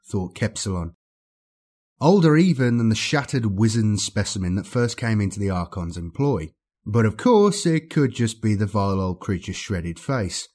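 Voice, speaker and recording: Man, low husky voice, lively intonation, dramatic audiobook narration.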